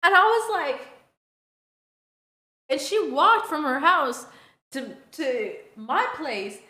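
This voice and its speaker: Animated high-voiced woman streamer. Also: slow. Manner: animated, blunt, swears freely, laughs often. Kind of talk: casual storytime to chat. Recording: roomy echo.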